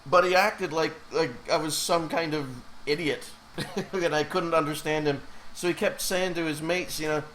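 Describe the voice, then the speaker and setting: Male streamer, slightly high voice, loose rambling chat, faint room hum. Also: fairly even intonation, moderate pace, fairly bright tone, rough recording. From Canada. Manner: chatty, rambling with fillers and self-corrections. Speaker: animator streaming live. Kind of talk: casual live-stream chat.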